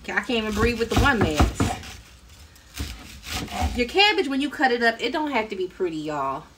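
A woman with a medium-pitched, expressive voice talks at a quick pace while hosting a casual cooking live stream from her home kitchen, chatting and laughing with viewers as she cooks. The live-stream audio is noisy and captured from a distance.

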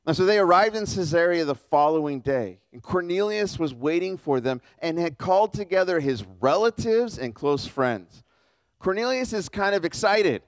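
A man's voice: a little high, lively intonation, no room sound. A male pastor preaching a casual, joking sermon and acting out the people in the story. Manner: casual, joking, acts out characters with quick voice shifts. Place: church.

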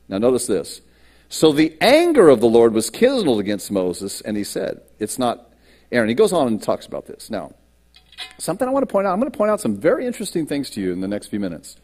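A male pastor delivers a sermon from a church stage mic, his voice rising and falling with wide, lively swings. He acts out quoted speech with theatrical energy and often stammers into restarts before pressing on. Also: mid-range voice, fast. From United States. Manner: animated preaching, acts out quotes and self-doubt. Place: church sanctuary.

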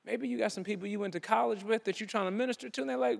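A man giving a conference sermon in an animated preaching style, with casual slang. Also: high voice, racing, creaky, hardly any pauses. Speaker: keynote speaker.

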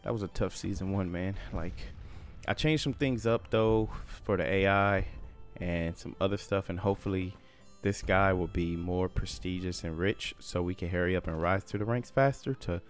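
A man's voice: low voice, moderate pace, soft background music. A man hosting a gameplay video, chatting casually and rambling with jokes. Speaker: gaming channel host.

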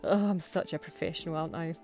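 A woman's voice: low-pitched, fairly even intonation, quick pace, a little mellow, soft background music. A Scottish woman chatting through a home voice-over for her nail art videos, self-mocking and laughing often. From Scotland. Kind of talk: casual voice-over narration.

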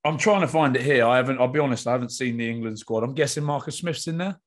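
Man, 30s, podcast co-host, casual jokey banter, mid pitch. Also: quick pace. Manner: chatty, joking storyteller. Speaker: co-host, rugby player. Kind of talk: casual chat.

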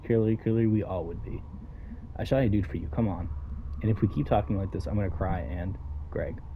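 A man's voice: lowish voice, fairly quick, phone-quality sound, noisy background. A man playing through a story game, casually reading out every character's lines himself. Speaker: let's play gamer. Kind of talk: reading game dialogue aloud.

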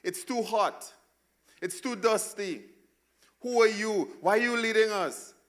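A man's voice: high voice, a little slow, pitched above the performer's own voice. A man mimicking whiny complaining grumblers. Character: whining crowd of grumbling wanderers.

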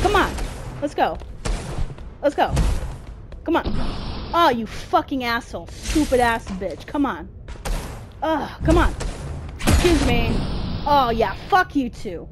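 High, lively woman cursing at a game. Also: unhurried, pauses often, noisy background. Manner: constant angry cursing at the game. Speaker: gamer. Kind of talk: frustrated gameplay commentary.

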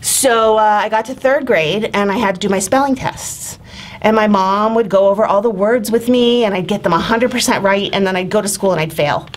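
A woman's voice: mid-range voice, fairly quick. Woman from Tennessee telling stories. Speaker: guest. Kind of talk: casual podcast chat.

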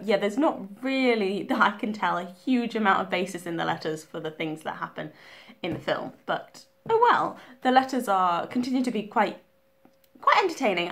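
A woman's voice: mid-range voice, fairly bright tone. A young woman talking casually about her reading, chatty and full of ums and restarts. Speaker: book vlogger.

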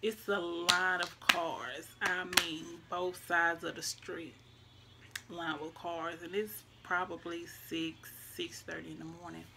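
A woman's voice: lowish voice, level tone, slow pace, noisy background. A young woman, telling a personal story casually and emotionally, with her voice often dropping to near-whispers. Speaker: vlogger.

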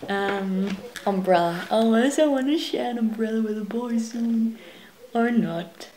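A woman's voice: on the high side, a little slow, mellow. A teenage woman with as her rambles through a casual home vlog in her bedroom. She giggles and corrects herself as she goes. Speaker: vlogger. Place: her own bedroom, indoors.

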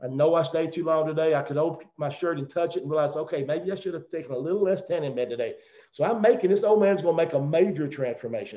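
The guest speaker on this company video call is a middle-aged Southern man with a warm tone and a slightly high voice. He rambles and jokes through a motivational talk, heard through roomy, dull audio.

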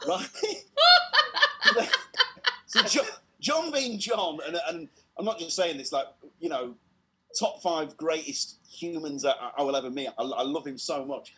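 A British comedian telling a story with a slightly high voice. It is animated and full of swings in pitch. He acts out the voices and laughs at his own tale as he goes. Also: takes it slowly, long pauses. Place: online comedy show.

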